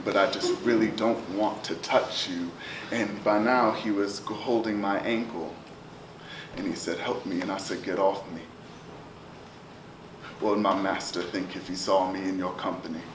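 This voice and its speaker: Male spoken word poet, rhythmic and chanting, from loud to hushed; roomy, far-off recording with background noise. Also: on the low side, normal speed. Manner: rhythmic, chanting delivery swinging from loud calls to near whispers. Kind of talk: spoken word poetry performance. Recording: roomy echo, distant mic, steady ambient noise.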